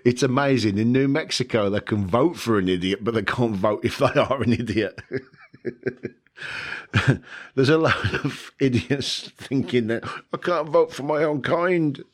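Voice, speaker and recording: A man's voice: medium pitch, a little slow, pauses often. A man, chatting casually in a rambling way, with chuckles, swearing and lots of fillers. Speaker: vlogger. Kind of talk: casual chat.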